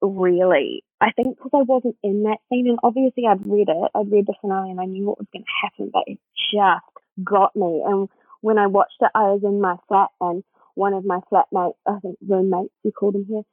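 This is a woman speaking over a thin, phone-like line, with a husky, breathy tone in a dry sound. She is an actress guest who tells stories animatedly and laughs often. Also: mid-range voice, brisk, dry recording. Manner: animated storyteller who acts out quoted voices, laughing often. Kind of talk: casual interview chat.

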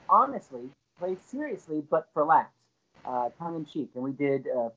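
A man guest on an interview, telling an excited anecdote with lively jumps in his voice. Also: dull audio. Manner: animated, excited storyteller with frequent pitch jumps. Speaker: guest actor. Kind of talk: casual anecdote storytelling.

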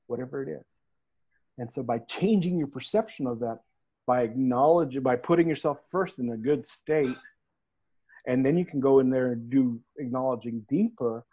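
A man talks in an easy, casual way, coaching his listeners on handling stress. He tells stories and acts out the people he quotes, and his voice sits at an ordinary middle pitch. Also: dark tone, husky, low-quality recording. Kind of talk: casual podcast talk.

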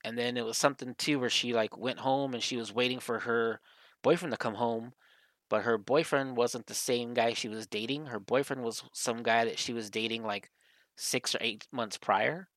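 A man's voice: mid-range voice, fairly even intonation, normal speed, a bit bright, dry recording. Rambling man telling a story, dry sound. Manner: rambling storyteller, heavy use of "like". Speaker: podcast co-host. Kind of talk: casual chat.

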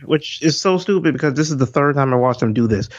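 A man's voice: mid-range voice, expressive, quick pace, slight background noise. A man chiming in with brief, wry remarks in a casual podcast chat. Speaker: podcast co-host. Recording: dull lo-fi mic.

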